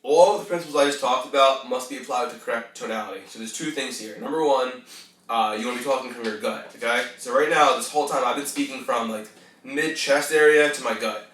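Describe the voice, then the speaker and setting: Bright-voiced man coaching in a roomy space. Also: medium pitch, quick pace. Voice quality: tends to mumble. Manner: conversational, swears casually, coaching tone. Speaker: podcast host. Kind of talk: casual self-help monologue. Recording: roomy, distant from the mic.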